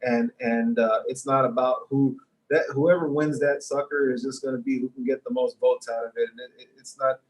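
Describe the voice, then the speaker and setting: Man, football coach, mid pitch, flat, monotone, rambling. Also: fairly quick, low-quality recording. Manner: rambling, speeds up when excited. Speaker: high school football coach. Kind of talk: casual chat.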